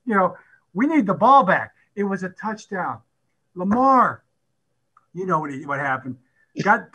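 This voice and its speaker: A man's voice: high-pitched, sharp tone, rough recording. A middle-aged man, a head football coach, telling a story with energy, acting out quotes and laughing often. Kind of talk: storytelling at a conference talk.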